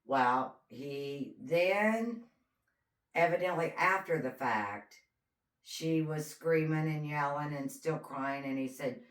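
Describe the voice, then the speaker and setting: A woman's voice: sits low, slow. A woman co-hosting a podcast, telling a true crime story in casual chat and acting out the quotes as she goes. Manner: animated storyteller, acts out quotes. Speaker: podcast co-host. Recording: roomy echo, distant mic.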